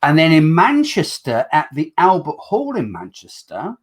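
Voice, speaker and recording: Chatty host with a Black Country accent. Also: male voice, fairly high pitch, wildly swooping pitch, normal speed, husky. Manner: chatty, self-deprecating, stumbling over words. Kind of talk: casual chat.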